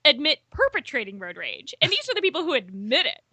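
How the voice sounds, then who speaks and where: Bright-voiced woman podcast co-host. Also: sits high, very animated, quick pace, no echo. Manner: chatty, laughs often, explains with statistics. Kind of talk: casual chat.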